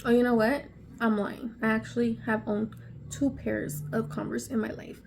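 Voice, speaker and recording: A woman vlogger unboxing on camera, excitable and gushing, gasping often and sometimes dropping to a breathy whisper. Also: fairly high pitch, moderate pace, a little hiss or hum. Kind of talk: casual unboxing vlog.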